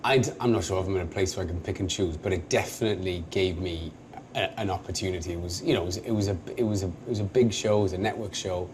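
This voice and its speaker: A man's voice: deep voice, quick pace, noisy background. A Welsh man in his forties, an actor chatting casually in an interview, self-deprecating and jokey with many restarts. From Wales. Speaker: actor guest.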